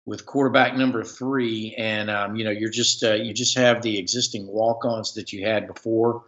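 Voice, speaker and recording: A man's voice: lowish voice, fairly even intonation, moderate pace, few pauses, sharp tone, dull audio. A man hosting a casual live-stream chat as a sports reporter, rambling with many fillers and restarts.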